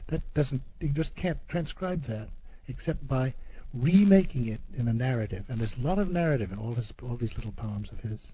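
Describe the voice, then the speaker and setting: A man reading a poem aloud and then talking about it, halting and repeating words as he explains. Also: medium pitch, animated, warm tone, husky, poor audio. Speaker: poet and guest discussing poetry. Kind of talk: poetry reading and discussion.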